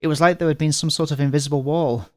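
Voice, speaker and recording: A man's voice: a little high, fairly even intonation, fast, a little mellow, no room sound, clean studio sound. A man reading a visual novel aloud in dramatic voices and breaking off now and then for muttered jokes. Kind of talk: dramatic reading with joking asides.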